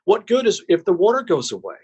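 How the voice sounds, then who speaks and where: Male podcast guest, husky and earnest, emphatic spiritual delivery, dull lo-fi call audio. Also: high voice, huge pitch swings, darkish tone. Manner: earnest, slow and emphatic, preaching tone. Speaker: interview guest. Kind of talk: heartfelt spiritual message.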